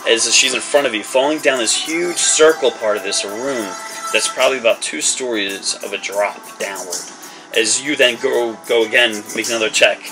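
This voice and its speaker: A man's voice: mid-range voice, moderate pace, over music, rough recording. A man narrating a tabletop game as game master, rambling through descriptions with fillers and restarts.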